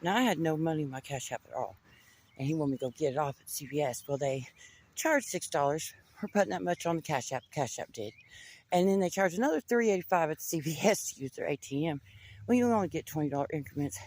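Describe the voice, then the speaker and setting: Sitting inside a U-Haul truck, a psychic vlogger with a deep, slightly rough voice tells a rambling personal story in a chatty way. She calls the listener honey, swears freely, and swings animatedly from loud to hushed.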